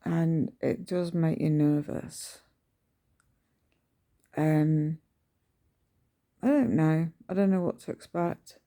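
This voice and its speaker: A woman's voice: deep voice, steady tone, takes it slowly, long pauses, mellow. A middle-aged woman vlogging at home in a rambling, chatty way, full of ums and restarts. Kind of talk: casual early-morning vlog chat. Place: at home indoors.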